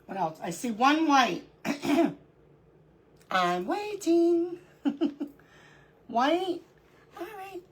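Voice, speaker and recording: A woman's voice: high-pitched, animated, extremely slow, long pauses. A middle-aged woman hosting a live crafting stream, chatting casually, greeting viewers by name and talking to herself as she works. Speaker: livestream crafting host.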